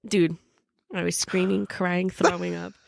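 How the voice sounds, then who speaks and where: A woman's voice: lowish voice, measured pace, gravelly, dry recording, studio quality. A woman co-hosting a book podcast, retelling scenes with lots of laughter and acted-out lines. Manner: animated retelling, acts out characters' lines, laughs often. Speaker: podcast co-host. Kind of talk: casual book chat.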